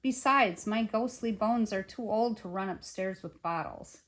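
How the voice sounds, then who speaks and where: A woman voicing a gentle old ghost who speaks softly and low. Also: measured pace, natural voice. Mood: weary. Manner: soft, low, breathy.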